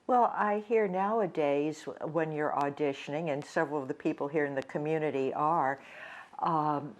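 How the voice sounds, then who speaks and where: A woman's voice: low-pitched, normal speed, slight background noise. An older woman hosting an interview show, asking friendly, encouraging questions.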